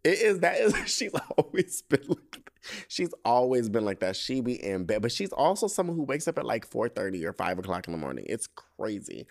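A man hosting a solo podcast in casual chat, telling stories in slangy, profane speech, breaking into laughter and leaping up high when he quotes himself. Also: normal speed, gravelly. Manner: animated storytelling, jumping into high excited quoting, frequent laughter. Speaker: podcast host.

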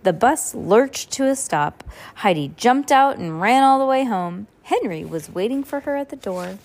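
A woman's voice: on the high side, animated, a little slow, a little mellow. A woman reading a storybook aloud to a child, with casual chatty asides. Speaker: reader.

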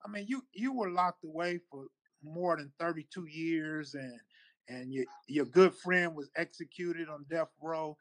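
A man asks a guest probing, direct questions in an interview. His voice sits a little high. The recording is dry and close. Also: measured pace, fairly bright tone, no room sound, rough recording.

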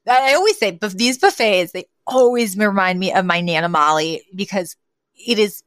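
A woman co-hosting a podcast, recapping a sitcom in casual chat and acting out the characters' lines with big jumps in pitch. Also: a bit bright, dry recording, clean studio sound. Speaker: podcast co-host.

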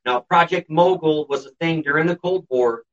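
This podcast co-host, a man with a slightly high voice at normal speed, spins a story in casual conversation. He's sarcastic and blunt, swearing all the time. Sound quality is dull and lo-fi, recorded away from the mic.

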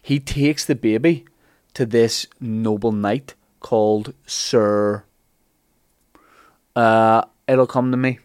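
Man, comic storytelling, medium pitch, dry close sound. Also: slow pace, pauses often, clear, resonant tone, dry recording. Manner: animated, acts out characters' lines in bursts. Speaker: podcast host telling a legend.

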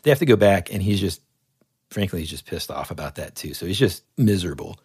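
A man's voice: low-pitched, lively intonation, a little fast, a little mellow, breathy edge, dry recording, clean studio sound. A man co-hosting a podcast, chatting casually about movies in a laid-back way. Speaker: podcast co-host.

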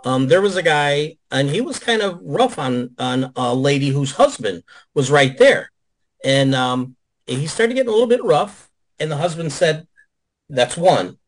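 Male guest on a video call, pitched a bit high, an animated and salty storyteller. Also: moderate pace, poor audio. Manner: animated, profane, acts out quotes.

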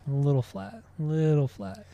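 A man's voice: on the high side, lively intonation, a little fast, creaky, mellow, no room sound, highs cut off. A man co-hosting a podcast in casual music chat, laid-back, swearing and repeating his phrases. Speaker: podcast co-host.

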